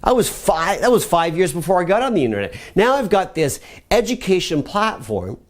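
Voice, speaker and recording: A middle-aged man leads a motivational personal growth lesson for a web show. His voice sits a little high and swings widely in pitch. He coaches with energetic, repeated commands. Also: a little fast. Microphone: camera mic.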